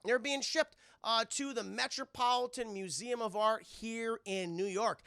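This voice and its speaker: A male streamer retelling a cartoon episode to his chat, animated and profane, with plenty of fillers. His voice is high and strongly gravelly, with a bright, forceful edge and a dry sound. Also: a little slow, no echo. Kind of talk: casual recap to live chat.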